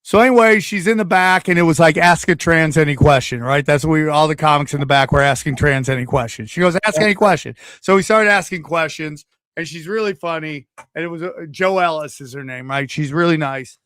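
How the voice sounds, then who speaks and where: High-pitched, animated male storyteller. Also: a little fast, clear, resonant tone, dry recording, studio quality. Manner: animated, acts out quotes in changing voices; profane, rambling with restarts. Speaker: podcast host. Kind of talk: casual storytelling chat.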